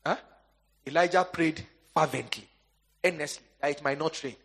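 Preaching to his congregation, a man alternates between quiet asides and soaring, emphatic lines, pausing on questions so they can answer. His voice is a little high and gravelly with a breathy edge, and he speaks at a normal speed.

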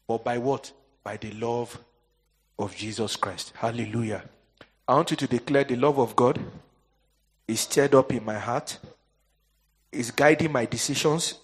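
A male pastor with a husky, medium-pitched voice preaches a sermon, leaving questions hanging for the congregation to answer. He swings between soaring emphatic lines and quiet asides.

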